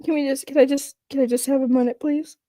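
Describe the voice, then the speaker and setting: A woman's voice: fairly high pitch, a little mellow, no echo. A woman acting as a tearful young former coffee girl who stops often and chokes up. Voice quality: halting and choked up, with many pauses. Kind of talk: mock testimony acting.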